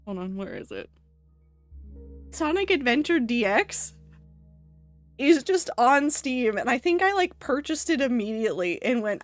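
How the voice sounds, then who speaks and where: A woman's voice: a little high, sing-song, measured pace, pauses often, soft background music. A woman streaming a video game, chatting casually with her viewers, giggly and talkative as she plays. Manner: chatty, giggly, reads chat aloud. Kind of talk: casual gaming stream chat.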